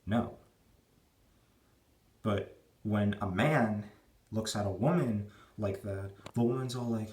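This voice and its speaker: Slow and pausing often, this man's low, darkish voice carries a crude, rambling rant to camera from inside his home. The twenty-something vlogger fills it with fillers and keeps quiet since it's early in the morning.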